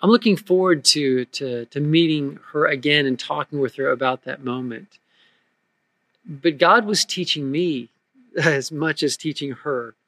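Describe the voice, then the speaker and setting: Bright, emphatic man preaching a sermon. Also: on the high side, unhurried, dry recording. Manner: earnest, emphatic preaching with frequent repeated words. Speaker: pastor.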